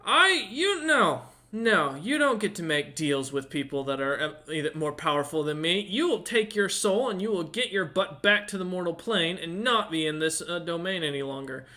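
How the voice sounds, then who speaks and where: A man's voice: a little high, animated, normal speed, hardly any pauses, bright, forceful tone. A man voicing an irate male tiefling devil in a butler's suit, scolding and threatening. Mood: exasperated.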